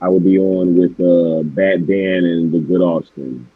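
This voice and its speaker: A man's voice: sits low, fairly even intonation, a little slow, breathy edge, no echo, narrow, tinny audio. A man hosting a casual live stream, laid-back and slangy, losing his voice.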